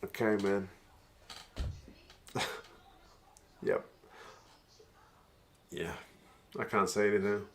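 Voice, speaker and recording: A man casually chatting on a live stream, reading viewer comments aloud and reacting to a rugby match, with frequent chuckles and bursts of excitement at big plays. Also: lowish voice, extremely slow, pauses often, slight background noise.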